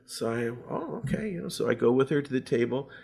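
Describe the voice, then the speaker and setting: A man's voice: mid-range voice, fast, gravelly, a little mellow, breathy edge. An older man, a musician guest in an interview, animatedly telling a story and acting out the voices of the people in it.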